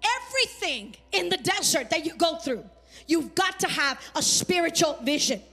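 A woman's voice: very high voice, sing-song, moderate pace, sharp tone, faint music behind. A woman pastor preaching a fervent sermon, repeating phrases and calling the congregation to answer back. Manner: fervent, repetitive call-and-response preaching.

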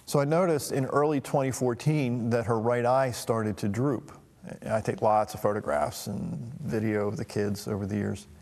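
Halting, gravelly-voiced man telling a story. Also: lowish voice, darkish tone, in a large hall. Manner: halting, emotional, many restarts. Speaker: talk show host. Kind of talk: personal storytelling.

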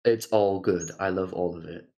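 A player voicing a gruff companion with a slow, laconic manner who wants strong liquor. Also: deep voice, steady tone, mellow. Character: gruff deep-voiced liquor-loving companion.

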